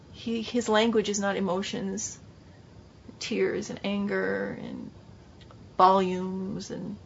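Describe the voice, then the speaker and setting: A woman's voice: mid-range voice, gravelly, a little hiss or hum. A woman Bible teacher giving an emphatic, repetitive sermon-style class. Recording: dull lo-fi recording.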